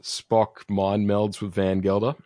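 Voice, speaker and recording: A man's voice: on the low side, flat delivery, slow pace, mellow, no echo, studio quality. A man casually recapping a TV episode as a podcast host, rambling with fillers and restarts. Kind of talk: casual chat.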